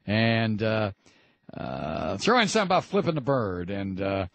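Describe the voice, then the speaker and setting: Man doing a gravelly, bossy radio pundit. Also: lowish voice, huge pitch swings, measured pace, fairly bright tone, no echo, pitched below the performer's own voice, heavily acted. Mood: coaching. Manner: coaching, dismissive. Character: gruff bossy male talk-radio pundit.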